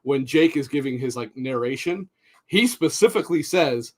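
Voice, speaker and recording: A man co-hosting a podcast in casual chat, animated, often repeating words as he starts a sentence. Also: medium pitch, moderate pace, breathy edge. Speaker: podcast co-host.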